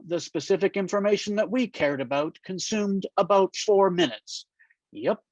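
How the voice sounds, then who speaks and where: A man reading his novel aloud at a literary festival in a wry, deadpan way. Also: high voice, no room sound. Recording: dull, muffled dry sound.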